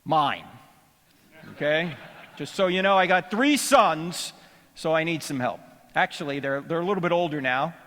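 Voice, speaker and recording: A man's voice: on the high side, animated, moderate pace, pushed and bright, long reverb tail. A middle-aged man giving a humorous seminary lecture, joking and quizzing his audience. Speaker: apologetics speaker. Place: lecture hall.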